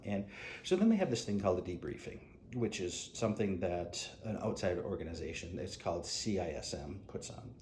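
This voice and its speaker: A middle-aged man, a retired police officer, frankly recounting his experiences in an interview with halting restarts. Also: low-pitched, expressive. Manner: halting, frank, drops soft quoted asides. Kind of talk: interview storytelling. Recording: echoey room with faint noise.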